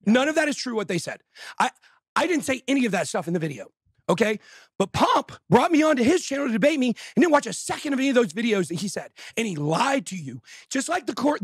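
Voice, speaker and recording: A man hosting a live show, ranting loudly and exasperated, often shouting. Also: very high-pitched, husky, no room sound, clean studio sound. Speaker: show host. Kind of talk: heated rant on a live show.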